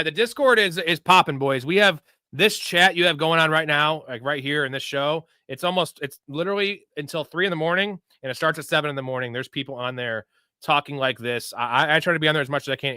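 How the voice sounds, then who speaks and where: A young man hosts a live sports betting stream in loose, swearing bro talk. His voice is bright and forceful, sitting a little high for a man. The sound is dry and close. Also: a little fast, clear, resonant tone, no room sound. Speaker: host of a live sports betting and fantasy show. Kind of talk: casual livestream chat answering viewer questions.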